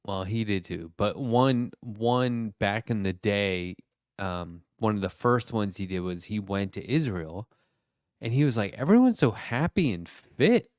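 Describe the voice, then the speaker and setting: A man's voice: on the low side, a little slow, smooth, no echo, studio quality. A man hosting a casual political chat show, telling stories and acting out what people said. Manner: animated, acts out quotes, swears. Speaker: podcast host.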